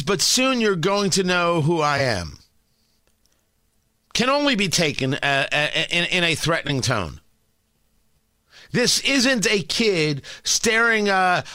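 A man's voice: high-pitched, sharp tone, dry recording, studio quality. A man hosting a morning radio talk show, giving emphatic, incredulous opinion commentary full of rhetorical questions. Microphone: studio microphone.

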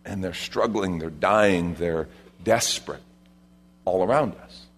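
A man preaching a sermon, reading scripture and explaining it, rising to loud emphasis at times. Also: sits low, a little slow. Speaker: pastor.

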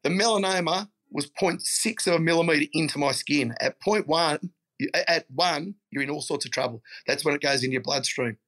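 A man's voice: on the high side, brisk, fairly bright tone. A middle-aged Australian man chatting casually as a guest, telling blokey stories and calling people mate. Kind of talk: casual chat.

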